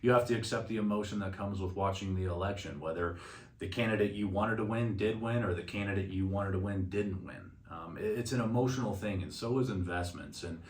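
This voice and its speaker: A man's voice: lowish voice, fairly quick, reverberant, far from the mic. A man talking as a financial advisor, chatting casually and telling stories with frequent restarts. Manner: conversational storytelling with restarts. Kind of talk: casual market commentary.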